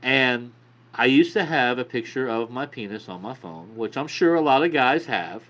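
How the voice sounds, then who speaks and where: A man's voice: medium pitch, animated, moderate pace, fairly bright tone. A man telling a rambling, profane bar story in casual podcast chat. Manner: profane, rambling anecdote with acted quotes.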